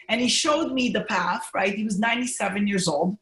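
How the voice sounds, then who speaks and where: A woman physician, a guest on a podcast, chatting casually and telling stories with animated bursts of enthusiasm over a video call. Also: medium pitch, a little fast, few pauses. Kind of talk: casual interview chat. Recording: echoey room.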